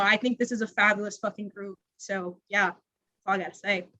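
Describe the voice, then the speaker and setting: A woman's voice: medium pitch, fairly even intonation, brisk, sharp tone, dry recording, low-quality recording. A woman contestant giving a gushing farewell message to the group and swearing as she goes. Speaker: game show contestant.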